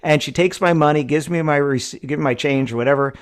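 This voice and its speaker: A man's voice: fairly high pitch, fast, clean tone. A man hosting a podcast, telling stories in a chatty way and often checking in with "right?". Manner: chatty storyteller who keeps checking in with "right?". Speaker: podcast host. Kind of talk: conversational podcast storytelling.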